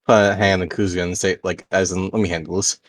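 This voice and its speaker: Hesitant man with a low voice. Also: level tone, fast, no echo. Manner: hesitant, many ums and uhs. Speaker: tabletop game player. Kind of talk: casual game chat.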